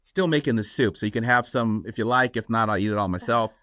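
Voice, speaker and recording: A man's voice: lowish voice, fast talker, fairly bright tone, no room sound, clean studio sound, natural voice. A man voicing an ungrateful male farmer who speaks in an offhand, unbothered way.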